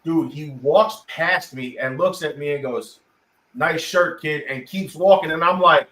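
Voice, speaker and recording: A young man tells his story in an animated way, acting out every quote. His voice sits a bit high, and he sounds off-mic in an echoey room. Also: normal speed, far from the mic. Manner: animated, talks over others, acts out quotes. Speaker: podcast co-host. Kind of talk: casual podcast storytelling.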